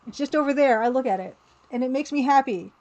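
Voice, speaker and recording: A woman's voice: high-pitched, fast, darkish tone, lo-fi sound. A woman livestreaming as an artist, chatting casually and playfully, with easy laughter. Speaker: livestreaming artist and game developer.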